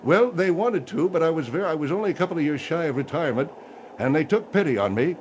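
A man plays a retired general who stammers through his confessions and then turns bossy and condescending. His voice sits a little high. It comes through dull lo-fi radio audio with faint hiss. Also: animated, fast, natural voice. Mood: boastful. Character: blustery retired male general, gruff and condescending. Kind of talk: comedy radio bit.

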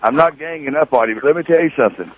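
Husky man calling in on a dull line. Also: fairly high pitch, rapid-fire. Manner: blunt, insulting. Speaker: caller. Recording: muffled phone line.

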